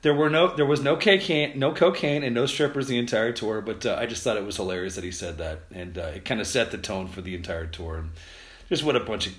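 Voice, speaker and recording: American man, podcast host, rapid rambling talk, lowish voice, echoey room. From United States. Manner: fast-talking, rambling with many restarts and fillers. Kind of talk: casual solo podcast monologue. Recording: roomy echo.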